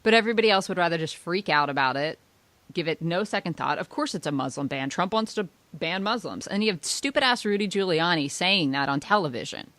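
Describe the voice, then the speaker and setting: Woman, podcast co-host, sarcastic, lowish voice, dry close sound. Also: animated, a bit bright, no echo. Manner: sarcastic, mocks others' views in quick asides. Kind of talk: casual political chat.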